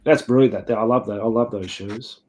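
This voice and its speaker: A man's voice: on the low side, brisk, darkish tone. A man with an Australian accent hosting a casual chat, jokey and laughing often. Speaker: podcast host.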